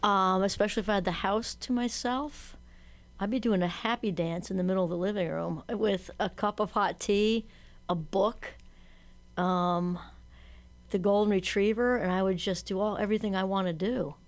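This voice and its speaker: An enthusiastic woman talking in a casual podcast conversation. She is chatty and agrees readily with her co-host, and her voice sits at an ordinary middle pitch. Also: normal speed.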